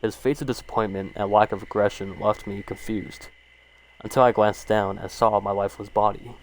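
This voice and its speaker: A man's voice: lowish voice, steady tone, moderate pace, slight background noise. A man casually reading short horror stories aloud and rambling about each one, with lots of fillers and swearing. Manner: rambling, laid-back, swears, frequent fillers.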